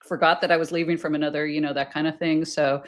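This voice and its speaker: A woman's voice: low voice, little pitch movement, quick pace. A woman reporter as a podcast guest, talking things through with hedges and fillers. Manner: thoughtful, hedging with fillers. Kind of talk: casual podcast chat.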